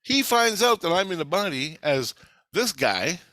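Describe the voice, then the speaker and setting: A man's voice: high voice, big pitch swings, a little slow, sharp tone, dry recording. A man telling past-life memories in a rambling, profane, intense monologue. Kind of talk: casual spoken monologue.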